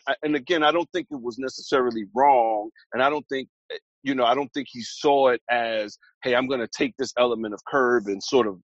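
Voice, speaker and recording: A man's voice: mid-range voice, no echo, dull audio. A man co-hosting a casual chat, talking through his views on a TV series with plenty of hedges and restarts. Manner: thoughtful, hedging, many restarts. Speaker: podcast co-host.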